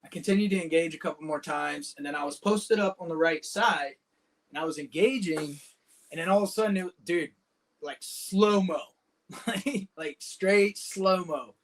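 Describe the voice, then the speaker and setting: A man's voice: a little high, normal speed. A man and combat veteran, a podcast guest casually telling a war story in vivid, profane detail, full of "dude" and "man".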